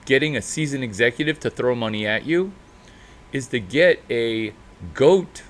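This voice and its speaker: A man riffs on startup advice in a loose, unscripted monologue. His voice sits at a middling pitch but jumps up and down with sudden bursts of loudness and slow, stretched emphasis. A faint background hiss runs under the recording. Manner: animated, jumping pitch and loudness, drawn-out emphasis. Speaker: startup mentor speaker. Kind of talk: off-the-cuff monologue.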